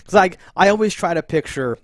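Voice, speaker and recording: A man co-hosting a casual TV review chat, animated and laughing often as he acts out scenes. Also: high-pitched, a little fast, dry recording, clean studio sound. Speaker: podcast co-host.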